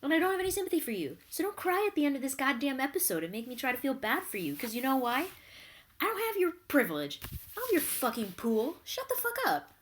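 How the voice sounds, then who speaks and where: A woman's voice: sits high, big pitch swings, fast, slight background noise. A woman vlogger giving an exasperated, profanity-laden rant recapping a reality TV show.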